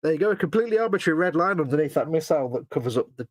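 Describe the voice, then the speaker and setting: A British man trading teasing jokes and cheeky asides on a casual painting stream. His voice sits a little higher than most men's. The sound is close and dry, with no echo. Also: expressive, racing. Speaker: co-host of a live painting stream. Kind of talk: casual banter while painting.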